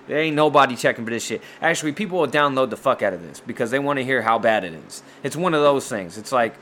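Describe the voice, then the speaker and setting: A man rants on his own show, cursing constantly and tripping over restarts. His voice is bright and forward, jumping from loud outbursts to low grumbles. A faint hum of ambience sits behind him. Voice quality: heavy cursing, frequent restarts and stammers. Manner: swings between loud outbursts and low muttering. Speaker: podcast host. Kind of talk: profane casual rant.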